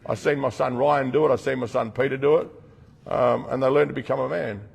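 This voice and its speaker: Middle-aged Australian man, rehab program leader: blunt, earnest talk to a group, husky and gravelly. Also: mid-range voice, fairly even intonation, fairly quick, darkish tone. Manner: blunt, earnest storytelling with slang. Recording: long reverb from a hall.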